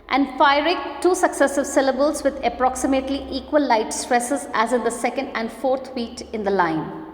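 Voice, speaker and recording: A woman with an Indian English accent, a college lecturer slowly reading out definitions of literary terms. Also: high-pitched. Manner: slow, deliberate, definitional delivery. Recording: echoey classroom with long reverb.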